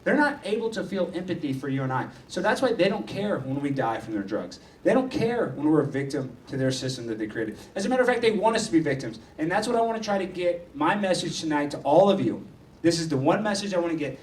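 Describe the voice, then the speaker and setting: A man giving a provocative live speech in a university lecture hall, with a mocking tone that swings from loud rants to mutters. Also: on the high side, big pitch swings, quick pace. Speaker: guest speaker. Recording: echoey hall, distant mic.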